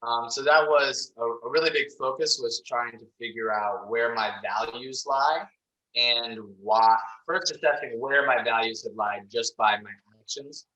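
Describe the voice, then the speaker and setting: A man's voice: mid-range voice, unhurried, sharp tone, poor audio. A man in his twenties, a podcast guest, talking in an eager, thoughtful way. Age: 20s. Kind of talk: casual chat.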